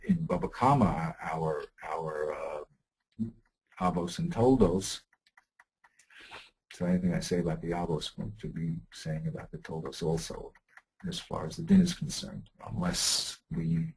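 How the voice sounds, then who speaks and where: Man, very deep voice, gravelly, husky, lively intonation, halting text lesson. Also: poor audio. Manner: halting, many restarts and fillers while explaining a text. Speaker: Talmud teacher.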